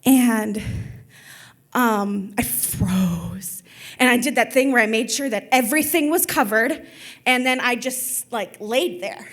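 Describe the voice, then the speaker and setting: A woman's voice: on the high side, slow pace, fairly bright tone. A young woman telling a personal story at a live event in a chatty way, full of filler words. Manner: chatty, lots of filler likes.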